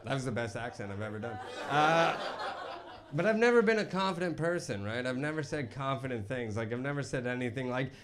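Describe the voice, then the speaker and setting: A man's voice: medium pitch, lively intonation, a little fast, a bit bright. A young man doing a self-deprecating stand-up set on stage, rambling with restarts and fillers. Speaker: stand-up comedian. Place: basement comedy club stage. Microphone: handheld stage microphone. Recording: live club with crowd laughter. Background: audience laughing.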